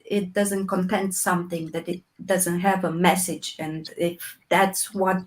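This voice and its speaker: A woman from Romania, a guest in an interview, speaking English slowly and reflectively with many pauses and restarts. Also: lowish voice, fairly even intonation, rough recording. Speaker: interview guest, puppeteer and actress. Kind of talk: slow reflective conversation.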